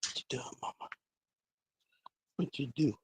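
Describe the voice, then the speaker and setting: A man's voice: measured pace, slight background noise. A man, a kennel owner chatting easygoing on a casual vlog while calling to his dogs in an outdoor yard.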